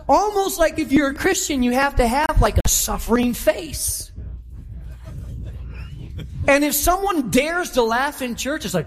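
Pastor, male, animated preacher who acts out quoted voices, high voice, long church reverb. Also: normal speed, a little hiss or hum. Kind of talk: sermon.

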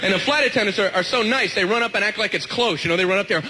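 A man's voice: sits high, very fast, hardly any pauses. Exasperated male stand-up comic, noisy room. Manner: ranting, exasperated, rising to loud outbursts. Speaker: stand-up comedian. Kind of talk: stand-up comedy set.

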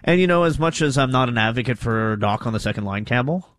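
A man co-hosts a sports talk radio show on a studio mic in a dry, close sound. He argues his points with energy, and his voice jumps up high when something bugs him. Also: expressive, fast talker, a bit bright, dry recording. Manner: gets worked up, voice climbing when riled.

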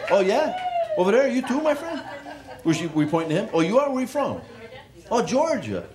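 A man's voice: very high-pitched, wildly swooping pitch, fairly quick. A man doing stand-up comedy in a club, bantering with the crowd and laughing through his lines. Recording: live club with loud crowd and noise.

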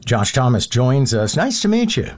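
A man hosting an interview show, giving brisk introductions and questions. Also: mid-range voice, big pitch swings. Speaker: radio show host.

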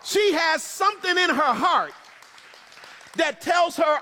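Male pastor, sermon, high bright voice, animated with shouted emphasis; church reverb. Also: takes it slowly, long pauses, a faint crowd.

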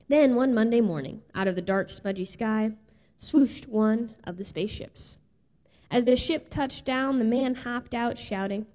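A woman reading a children's storybook aloud in an expressive, lilting way. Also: fairly high pitch, measured pace. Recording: reverberant hall.

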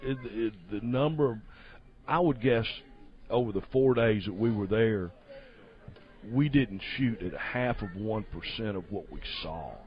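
A man's voice: on the low side, animated, a little slow. A man, telling a hunting trip story as a guest in an easygoing, rambling way. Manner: easygoing, rambling, laughs often. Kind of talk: casual storytelling. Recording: dull lo-fi audio.

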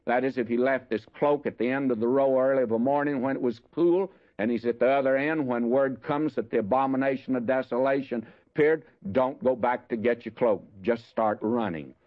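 An older man preaching a sermon, reading scripture slowly and then explaining it in chatty asides. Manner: reads scripture slower and higher, chatty asides. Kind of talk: sermon, Bible exposition. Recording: dull lo-fi sermon recording.

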